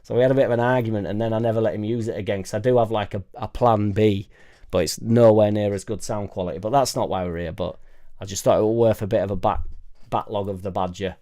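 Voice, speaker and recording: A man's voice: on the low side, fairly even intonation, fast, warm tone. Rambling man hosting a live stream. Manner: rambling and jokey, reads out chat comments. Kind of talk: casual live stream chat. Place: home studio. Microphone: suspended studio microphone.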